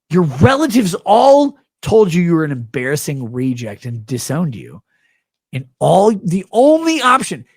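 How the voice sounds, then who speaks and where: A man's voice: a little high, husky, no echo. A man ranting on his livestream, sarcastic, profane and mocking. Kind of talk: livestream rant.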